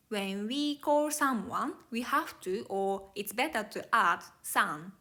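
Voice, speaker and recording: Slow, bright-voiced woman teaching Japanese. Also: fairly high pitch. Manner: careful, step-by-step, non-native English phrasing. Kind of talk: explaining grammar slowly to learners.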